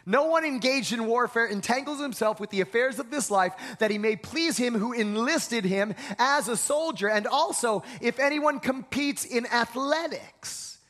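A man's voice: extremely high pitch, a bit bright. A man preaching a sermon in a church, emphatic, repeating words and calling on the congregation to say lines with him. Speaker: pastor.

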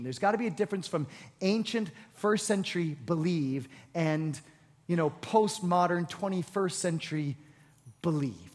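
A man delivers an animated sermon in a fairly high voice. He questions the congregation and swells to loud, emphatic moments. The sound carries a long reverb, as in a large church sanctuary. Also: breathy edge. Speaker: pastor.

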